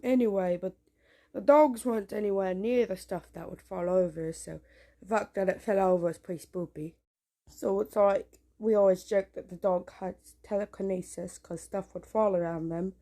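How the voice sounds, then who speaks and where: A woman vlogging from a dark room at home, rambling with frequent restarts, jumpy and swearing often. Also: medium pitch. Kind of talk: casual home vlog.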